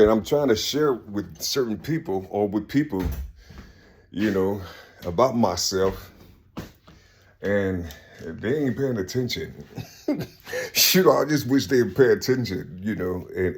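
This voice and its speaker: A man in his fifties, a vlogger, rambles to his viewers in a lowish, slightly rough voice that is expressive and unhurried. He fills the monologue with "you see," fillers and restarts, recorded on a phone.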